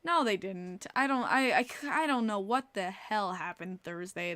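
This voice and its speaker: A woman hosts a casual live-stream podcast from a close desk mic, and the sound is dry with no room around it. She talks bluntly and with a lot of animation, swears freely, and breaks off to answer her chat. Her voice sits at an ordinary middle pitch. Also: normal speed, a bit bright, clear, resonant tone, no echo. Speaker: podcast host.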